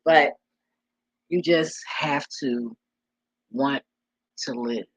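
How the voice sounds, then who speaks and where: A blunt speaker, talking straight into the mic in a husky, slightly breathy voice. The delivery is preachy, profane street talk in a loose casual monologue, and the sound is close and dry with no room around it. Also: mid-range voice, slow, long pauses, no echo, lo-fi sound. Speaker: vlogger giving life advice.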